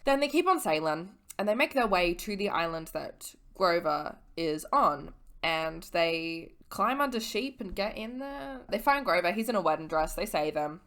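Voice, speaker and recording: A slightly tipsy woman with a lowish voice rambles through a casual book recap. She talks in an animated, slangy way and swears freely. Her delivery is loose and chatty. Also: moderate pace, hardly any pauses. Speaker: vlogger.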